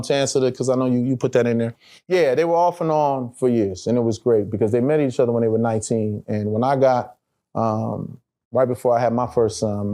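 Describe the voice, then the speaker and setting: A middle-aged man, an actor, telling a personal story in an interview with animated, profane, emotional delivery. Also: mid-range voice.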